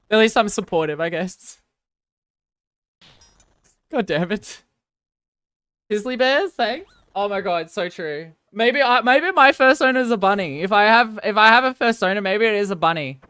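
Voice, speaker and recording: A woman's voice: mid-range voice, animated, moderate pace, pauses often, fairly bright tone, clear, resonant tone, no room sound. A woman streamer chatting casually with viewers, rambling and apologizing in a self-deprecating way.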